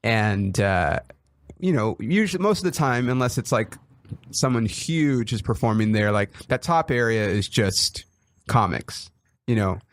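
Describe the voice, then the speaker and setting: A young man hosting a casual podcast, a comedian telling animated stories and acting out quotes with laughter. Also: lowish voice, measured pace. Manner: animated storytelling, acts out quotes, laughs often. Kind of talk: casual chat.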